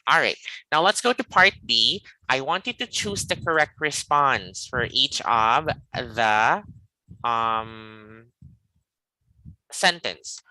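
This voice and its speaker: A man teaching English pronunciation in a live online class, patiently repeating phrases slowly for his student. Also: medium pitch, expressive, sharp tone, no echo, low-quality recording.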